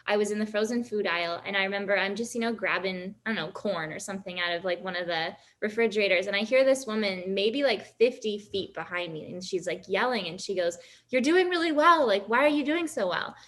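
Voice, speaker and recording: A young adult woman, a guest athlete in a casual interview, talking in an animated, chatty way full of fillers. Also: mid-range voice, quick pace, few pauses.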